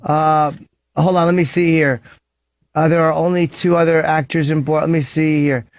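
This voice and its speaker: A male radio host fields callers in loose, crude chat that keeps cutting itself off. His voice sits a little high. The studio sound is close and dry, with no room in it. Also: fairly even intonation, normal speed, no echo. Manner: rambling, self-interrupting, crude. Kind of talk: casual radio talk taking calls. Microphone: studio microphone.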